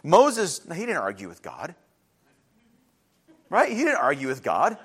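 A man preaching a sermon, animated, acting out voices in quick asides to his congregation. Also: a little high, breathy edge. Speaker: pastor.

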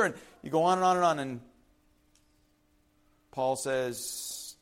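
A man preaching a sermon, swinging between loud urgent passages and soft hushed ones. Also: mid-range voice, slow pace, smooth. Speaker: pastor.

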